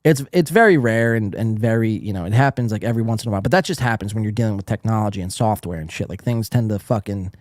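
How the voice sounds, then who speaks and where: A man's voice: fairly low pitch, fast, few pauses, a little mellow, no room sound, clean studio sound. A young man hosting a podcast in casual chat, brash, teasing and profane. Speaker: podcast host.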